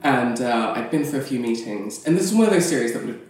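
A woman's voice: extremely low pitch, lively intonation, quick pace, a little mellow, far from the mic. A woman, an actress and podcast guest, telling a personal story frankly and animatedly, laughing often. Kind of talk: candid storytelling in conversation. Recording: very echoey room, off mic.

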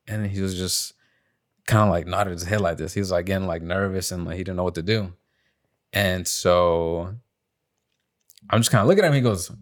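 A man's voice: sits low, a little fast. A young man on a podcast, casually telling a story, acting out quotes in a raised voice and swearing often. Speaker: podcast co-host. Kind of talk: casual storytelling among friends.

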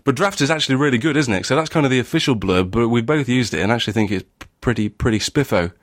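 A man's voice: medium pitch, very fast. A man with a mild northern English accent, hosting a podcast in casual chat, often restarting his sentences with ums. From northern England. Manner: hesitant, many restarts and ums. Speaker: podcast host and novelist.

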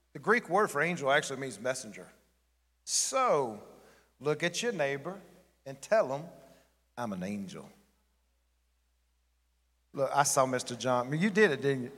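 A man's voice: mid-range voice, a bit bright, big-room sound. A man pastor giving a sermon in a church, joking and chatting with the congregation. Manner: joking, conversational preaching with the congregation. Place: church sanctuary.

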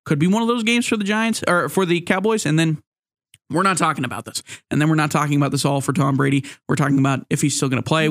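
A man's voice: a little high, a bit bright, dry recording, studio quality. A man hosting a solo sports podcast, rambling and joking, with many fillers and restarts. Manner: joking, playful asides.

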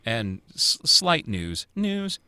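A man's voice: medium pitch, sing-song, extremely slow, bright, forceful tone, clear, resonant tone, no echo. A man hosting a casual chat show, ranting about what to watch in a loose, profane way. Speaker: podcast host.

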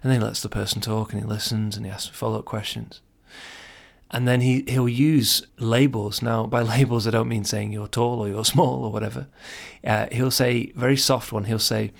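A man with a low, gravelly voice hosts a podcast, talking straight to his listeners. His advice comes across earnest and encouraging. At times he softens his tone to show how gentle phrasing sounds. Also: fairly even intonation, fairly quick. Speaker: podcast host. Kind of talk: casual advice monologue.

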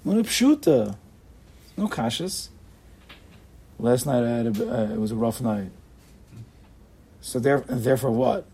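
A man giving a lively class on faith, emphatic and passionate, often firing rhetorical questions at his listeners and bursting into loud urging. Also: medium pitch, unhurried, pauses often, husky. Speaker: Torah teacher giving a class.

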